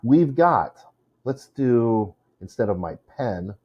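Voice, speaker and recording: A man's voice: mid-range voice, expressive, slow, husky, muffled recording. A man teaching a casual lesson on poetry, chatty, with many fillers, stopping to correct himself. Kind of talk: informal classroom lesson.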